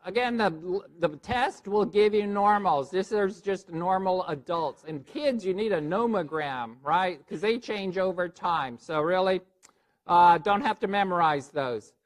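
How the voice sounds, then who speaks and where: A man lecturing a board review class in a lively, joking way, quizzing his listeners as he goes. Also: high voice, a little slow.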